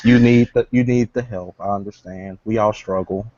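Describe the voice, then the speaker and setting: A man's voice: fairly low pitch, fairly even intonation, moderate pace, dark tone. A man playing a tabletop game, casual and joking, often laughing between lines. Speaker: player. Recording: dull lo-fi recording.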